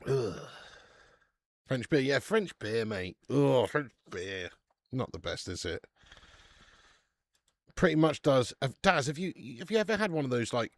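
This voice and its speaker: A man's voice: mid-range voice, dry recording. A man hosting a live football watch-along, chatty and laddish, swearing and calling viewers mate and lad. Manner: bursts out loud at match chances.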